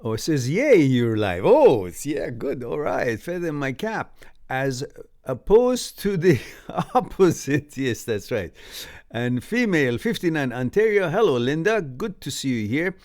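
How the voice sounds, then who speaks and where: A man's voice: a little high, big pitch swings, unhurried. A man from Canada hosting a live stream, reading viewer comments aloud with chuckles and upbeat asides. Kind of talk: casual live-stream chat.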